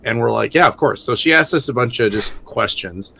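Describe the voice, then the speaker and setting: A man's voice: medium pitch, brisk, vocal fry, a little hiss or hum. A man chatting casually on a stream, telling rambling stories with many fillers. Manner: relaxed, rambling storyteller with frequent fillers. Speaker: show regular. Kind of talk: casual chat during a game stream.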